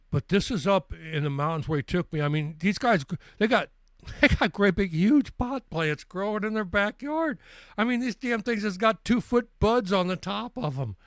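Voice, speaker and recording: Rambling man in his sixties, fairly high. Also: dry recording, studio quality. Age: 60s. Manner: rambling, repeats and restarts words. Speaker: live stream host. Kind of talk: casual storytelling.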